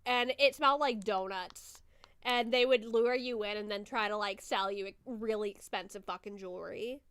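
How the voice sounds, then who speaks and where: A woman's voice: mid-range voice, moderate pace, a bit bright, smooth. A woman streamer chatting casually through a movie watchalong, laughing often and swearing offhandedly.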